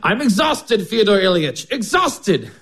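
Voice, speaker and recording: A man's voice: high voice, slow, slightly rough, exaggerated voice. An actor playing a fussy, doting male schoolteacher who chuckles often, in a radio drama. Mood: chatty. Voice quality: chuckling, animated.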